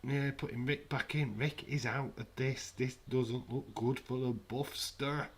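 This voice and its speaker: Slow-talking man. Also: mid-range voice, fairly even intonation, slightly rough. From United Kingdom. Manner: jokey, banters with chat. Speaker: live streamer. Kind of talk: casual watch-along commentary. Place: home, in a flat.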